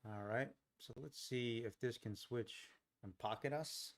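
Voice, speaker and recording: Speaking at medium pitch with a measured pace, this man is a futures day trader streaming live. As he scans markets he talks through his thinking, doubts his own trade ideas, and cracks relaxed jokes on the side.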